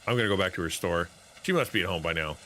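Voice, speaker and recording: A man's voice: low-pitched, rapid-fire, sharp tone, a little hiss or hum. A man streaming a game, giving playful, jokey live commentary and talking to his chat. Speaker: streamer and pastor.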